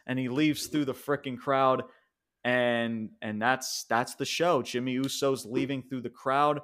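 A man co-hosting a podcast, recapping a wrestling show in an excited, rambling way with restarts and casual swearing. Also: mid-range voice, unhurried, clear, resonant tone. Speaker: podcast co-host.

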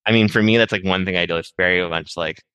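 Fast-talking low-voiced man, chatty. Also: steady tone, pushed and bright, smooth, no room sound. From Massachusetts, USA. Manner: rapid, rambling, heavy use of "like", quick laughs. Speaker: podcast guest. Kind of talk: casual conversation.

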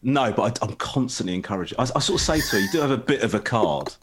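Lively rambling man. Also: mid-range voice, quick pace. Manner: rambling storyteller, laughs often. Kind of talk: casual chat.

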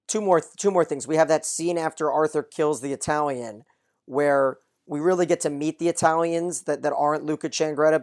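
With a mid-range voice, a podcast host reads letters from listeners and recaps a TV episode in a brisk, steady stream of summary.

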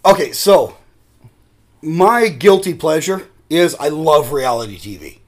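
Animated, swearing podcast host man. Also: fairly high pitch, measured pace. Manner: animated storyteller, swears freely. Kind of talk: casual podcast chat.

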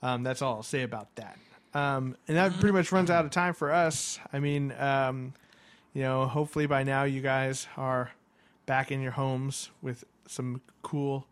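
A man's voice: medium pitch, steady tone, normal speed. A young man hosting a podcast, telling stories in a rambling, profane, laughing way. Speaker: podcast host. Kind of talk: casual podcast chat.

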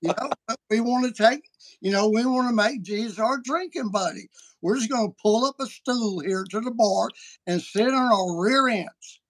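A man hosting a podcast, talking in a casual, animated and folksy way. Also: high-pitched, moderate pace. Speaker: podcast host. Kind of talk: casual chat.

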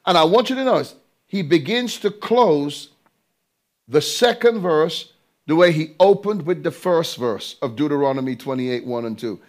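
A man's voice: fairly high pitch, expressive, moderate pace. A man preaching a sermon, emphatic and drawn out, repeating phrases and throwing rhetorical questions to his listeners.

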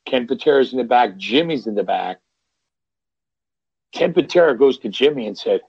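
With a slightly rough mid-range voice, a middle-aged man pauses often as he spins casual stories at a moderate pace. He's a veteran wrestler guesting on a podcast, rambling with restarts and repeats and lively retellings of quotes. The recording is dull and dry, with no room sound.

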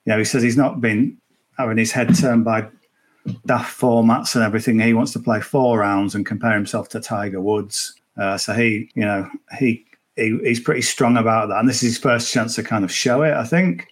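A man's voice: fairly low pitch, steady tone, normal speed. A man chatting casually as a golf betting guest on a podcast, rambling with many restarts and fillers. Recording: remote, at the tournament venue.

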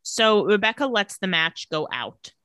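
A woman co-hosting a casual podcast, retelling TV scenes and slipping into quick quoted lines. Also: mid-range voice, sing-song, sharp tone, clean tone, no echo. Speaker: podcast co-host. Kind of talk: casual TV episode recap.

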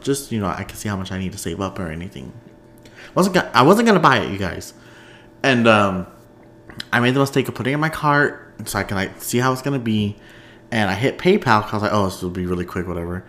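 Male podcast host, low pitch, animated and chatty, faint background noise. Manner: chatty, animated storytelling with frequent laughs. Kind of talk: casual solo podcast chat.

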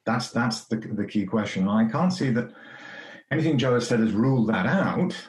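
A man who answers a panel question in a measured, careful way and repeats words as he thinks. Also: medium pitch, lively intonation, reverberant.

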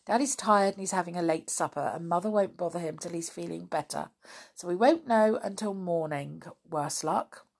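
A woman's voice: lowish voice, normal speed, gravelly. A responsible older boy explains things plainly and steadily. He sounds sure of himself; a woman storyteller acts him. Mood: earnest.

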